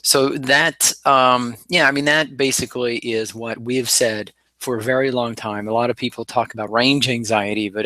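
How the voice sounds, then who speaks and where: A man's voice: medium pitch, fairly even intonation, moderate pace, hardly any pauses, pushed and bright, no echo. A man co-hosting a car podcast, relaying a report in rambling casual talk with many ums and restarts. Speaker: podcast co-host.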